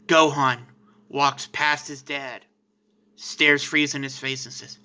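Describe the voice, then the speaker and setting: Slow, bright-voiced man retelling a fan story. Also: mid-range voice, flat delivery. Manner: casual, slangy, emphatic retelling. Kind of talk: casual fan story narration.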